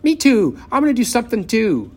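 A man voicing a suspicious, demanding little girl with a shrill, whiny voice in a storybook reading. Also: very animated, brisk, darkish tone, slightly rough, full character voice.

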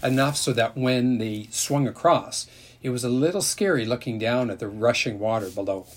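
Man reading a kids book out loud, husky voice, calm and steady. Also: medium pitch, normal speed. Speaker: narrator. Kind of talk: reading a children's novel aloud.

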